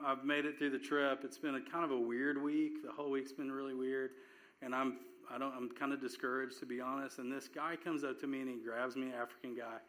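Man, sermon, conversational storytelling, earnest, bright voice, middle pitch. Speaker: preacher.

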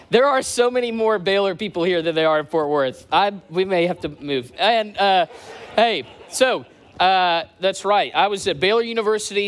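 A man in his late thirties, a church community director from the US East Coast, telling stories and bantering with a church crowd. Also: a little high. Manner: lively storytelling with crowd banter.

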